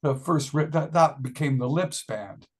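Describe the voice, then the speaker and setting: A man's voice: medium pitch, unhurried, a little mellow. An older man, a musician being interviewed, telling a rambling story and often laughing and acting out what people said. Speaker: musician guest.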